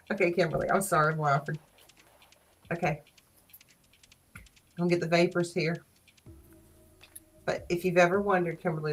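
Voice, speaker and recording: A woman with a Southern US accent hosting a casual live stream, playful and teasing, quick to laugh. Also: on the low side, little pitch movement, soft background music, poor audio. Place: small studio.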